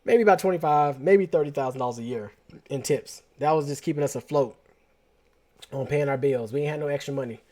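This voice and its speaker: Man host, slightly high voice, casual slangy storyteller. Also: brisk. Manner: casual, animated, slangy storytelling with repeated restarts. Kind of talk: personal storytelling talk.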